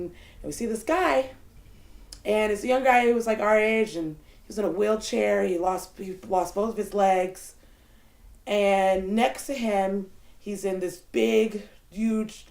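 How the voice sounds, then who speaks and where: A woman's voice: medium pitch, echoey room. A woman telling a personal story off the cuff, in casual speech full of "like" and the odd curse word. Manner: casual, animated, peppered with "like" and profanity. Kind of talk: unscripted personal anecdote.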